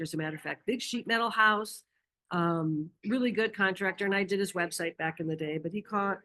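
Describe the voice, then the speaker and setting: A woman presenting a marketing masterclass, energetic and enthusiastic, who acts out quoted dialogue and laughs often. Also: medium pitch. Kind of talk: presentation talk.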